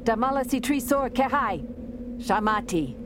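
A woman reading the part of an alert female fighter giving quick orders. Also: low-pitched, animated. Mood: urgent. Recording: noisy recording.

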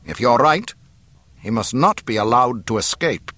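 A man's voice: medium pitch, expressive, measured pace, bright, forceful tone, no echo. A man reading aloud and voicing an imperious military commander, clipped and commanding.

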